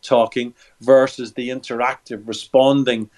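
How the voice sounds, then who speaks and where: Middle aged guy, body language expert, walks you through it step by step, restarts a lot, normal mid pitch. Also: little pitch movement, unhurried, darkish tone. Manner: instructive, walks listener through hand gestures step by step; repeats words when restarting sentences. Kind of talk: explanatory interview answers.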